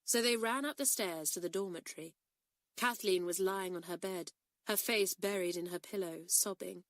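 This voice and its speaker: A woman narrating an audiobook with expressive storytelling. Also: fairly low pitch, moderate pace, dry recording, studio quality.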